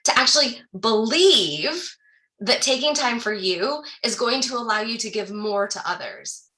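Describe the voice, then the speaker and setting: Bright, upbeat woman coaching a workshop. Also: on the high side. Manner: upbeat and encouraging, addresses the audience directly; slows into soft calm guidance during breathing exercise. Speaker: wellness coach leading a workshop. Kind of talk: live online workshop talk with guided breathing.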